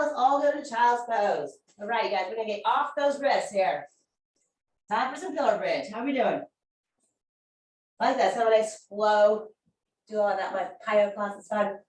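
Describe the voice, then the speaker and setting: A woman fitness instructor leading a core workout class with upbeat, encouraging, chatty cues. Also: a little high. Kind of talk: guided workout class cueing. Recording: echoey room from far off mic.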